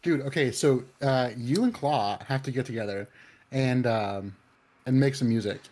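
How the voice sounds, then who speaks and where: A man's voice: mid-range voice, normal speed, darkish tone. Male chat host, mid-range voice, enthusiastic and slangy. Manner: eager, enthusiastic, casual slang. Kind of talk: casual interview chat.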